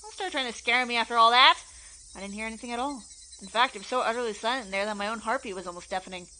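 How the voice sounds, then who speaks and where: A woman's voice: medium pitch, racing, fairly bright tone, natural voice, rough recording. A woman voicing a blunt, puzzled teenage boy, reading a visual novel aloud. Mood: baffled. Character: baffled, stubborn teenage boy. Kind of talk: visual novel read-along.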